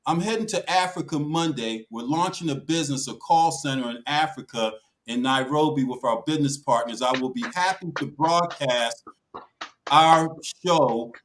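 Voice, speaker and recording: A man's voice: on the high side, moderate pace, a bit bright, poor audio. A man speaking emphatically on a talk show panel, with a preaching cadence that rises and falls.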